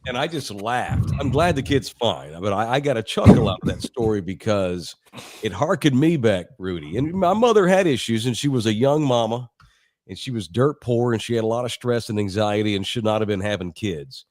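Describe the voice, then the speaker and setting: A middle-aged man from Texas tells stories on a sports podcast in a casual, profane way, laughing as he goes. His pitch swings widely as he talks. The sound is dry and close, with no room echo. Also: moderate pace. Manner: animated, profane, laughs while telling stories. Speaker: sports radio co-host.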